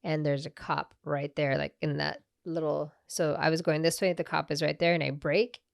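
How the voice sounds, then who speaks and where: A young woman co-hosting a podcast, telling a story in animated, casual talk and acting out quotes. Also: low voice, normal speed, gravelly, clean tone, no room sound, studio quality. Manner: animated, swears, acts out quotes, laughs often. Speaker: podcast co-host.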